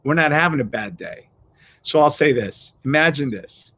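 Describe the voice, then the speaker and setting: A man's voice: fairly high pitch, expressive, moderate pace, bright, forceful tone, a little hiss or hum. A middle-aged man hosting a motivational live show, talking casually and animatedly, swearing freely and acting out everyday scenes.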